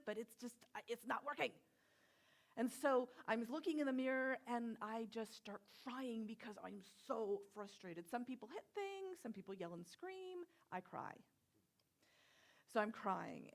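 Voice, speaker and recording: A woman minister with a fairly high voice preaches to her congregation in a conversational, storytelling way. She drops now and then into soft whispered asides. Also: vocal fry. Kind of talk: sermon. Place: church sanctuary.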